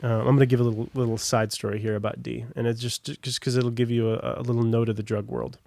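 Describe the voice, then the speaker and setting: A man's voice: mid-range voice, level tone, fast, creaky, dark tone, no echo. Young man rambling through a story. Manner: rambling, many fillers and asides. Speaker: podcast guest. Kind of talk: casual personal storytelling.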